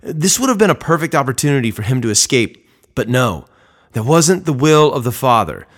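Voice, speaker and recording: A man's voice: medium pitch, sing-song, fairly quick. Guy doing a devotional talk on scripture, reflective, conversational. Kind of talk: devotional sermon commentary.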